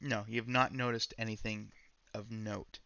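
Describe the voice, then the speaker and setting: A man with a bright, forceful voice runs a tabletop game, rambling through scene descriptions and often correcting himself mid-sentence. The sound is dry and close, though a little dull, as from a modest microphone. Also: fairly low pitch, level tone, moderate pace, gravelly, smooth, dry recording. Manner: rambling, self-correcting narration. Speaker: game master.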